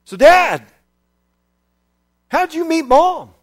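A curious, teasing twelve-year-old Solomon, put on by a man telling the story. The voice is very high and eager, a boy pressing his father with questions. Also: very animated, very slow, full character voice.

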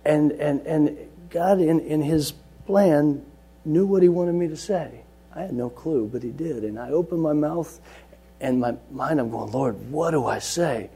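A man who leads Bible study at a juvenile center, giving an earnest personal testimony that moves between quiet and loud, lively telling. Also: a little high, a little slow, breathy edge. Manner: earnest storytelling, swings from soft to loud and lively.

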